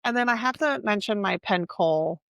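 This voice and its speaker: A woman's voice: mid-range voice, lively intonation, a little fast, vocal fry, fairly bright tone, dry recording. A woman co-hosting a podcast, talking casually about books, stopping often to search for the right word. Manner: chatty, searches for words, many fillers. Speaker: podcast co-host. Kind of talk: casual book chat.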